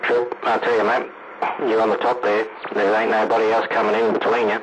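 An Australian man with a fairly low voice calls in on CB radio and talks fast in quick, friendly banter. A loud hiss of noise sits behind him throughout. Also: little pitch movement, highs cut off. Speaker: CB radio caller. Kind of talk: casual radio chat.

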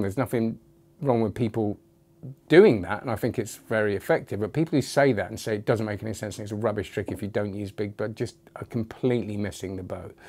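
A man's voice: lowish voice, a little mellow. A man giving a casual, rambling review of a magic trick, often breaking off mid-sentence to correct himself. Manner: rambling, self-interrupting.

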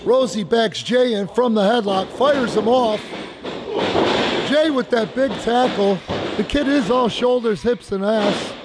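Excitable high-voiced wrestling commentator man. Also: a little slow. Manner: excited, folksy, repeats phrases for emphasis. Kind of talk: play-by-play commentary. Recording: noisy live recording.

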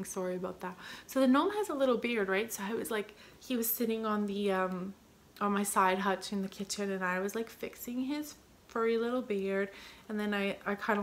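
A middle-aged woman talks casually to her viewers, rambling from one cute find to the next with easy enthusiasm. Her voice sits at an ordinary pitch for a woman. A faint hum runs under the recording. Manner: chatty, rambling, gushing over cute items. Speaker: vlogger showing a store haul.

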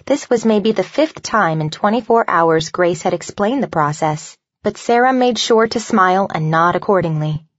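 A woman narrating a novel aloud in an even, measured storytelling voice. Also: mid-range voice, no room sound, lo-fi sound. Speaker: audiobook narrator.

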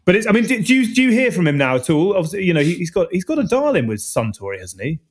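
Male podcast host, quick-fire and slightly high, steering the interview with brisk questions. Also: big pitch swings. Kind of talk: casual interview chat.

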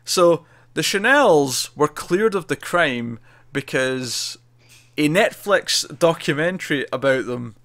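A man's voice: on the high side, expressive, slow pace, a bit bright. A man co-hosting a TV review podcast, animatedly retelling scenes and laughing often in casual chat.

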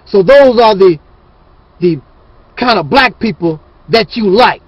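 High-voiced guy ranting hard, preachy and scornful, dry close sound. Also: animated, measured pace, breathy edge, no echo, lo-fi sound. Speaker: channel host. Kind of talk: ranting monologue.

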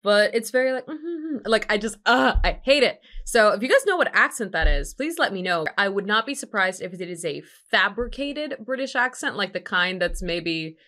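A woman hosting a film reaction, talking casually in an animated, expressive way and swearing freely. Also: mid-range voice, normal speed, hardly any pauses.

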